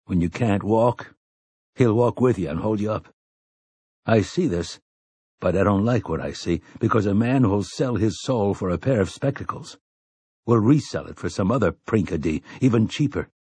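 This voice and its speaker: Brief: male narrator as a hard, weathered gunslinger, dark and husky, slow quiet menace, audiobook. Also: fairly low pitch, dry recording. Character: stern weathered male gunslinger, cold and blunt.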